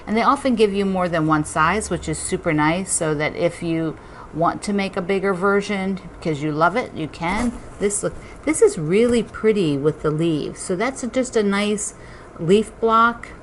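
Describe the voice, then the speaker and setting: A middle-aged woman chatting to camera as she unboxes a parcel, excitable and quick to laugh, often trailing off mid-sentence. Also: medium pitch, a little hiss or hum. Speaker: quilting channel host. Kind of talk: casual unboxing chat to camera.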